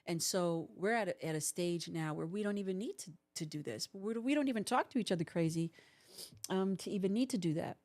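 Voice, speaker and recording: A woman's voice: on the low side, brisk, darkish tone. A woman in her forties, a host and counselor, giving earnest relationship advice on a livestream and acting out what couples say. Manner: earnest, coaching, acts out couples' lines.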